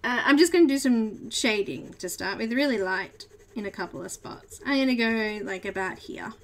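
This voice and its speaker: A woman's voice: on the high side, animated, moderate pace, slight background noise. Chatty woman coloring live. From Australia. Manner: chatty and giggly, talking to herself while drawing. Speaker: art tutorial host. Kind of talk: live coloring tutorial chat.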